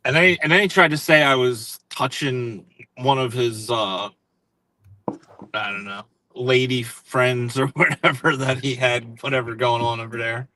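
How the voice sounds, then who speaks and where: A man's voice: mid-range voice, unhurried, pushed and bright, slight background noise. A man chatting casually as a guest on a live stream, rambling through his stories and laughing often. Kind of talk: casual chat.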